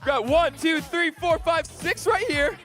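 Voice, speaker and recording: Loud high-pitched male camp host. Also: measured pace, faint music behind. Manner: energetic, loud, calling out to a crowd. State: straining voice. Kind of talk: shouted stage hosting. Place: large camp event hall.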